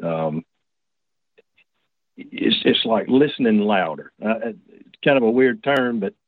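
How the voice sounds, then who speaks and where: A man's voice: fairly low pitch, lively intonation, slow, dry recording. A man tells a personal story in a casual, folksy, rambling way, full of restarts and asides. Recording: tinny dry phone line.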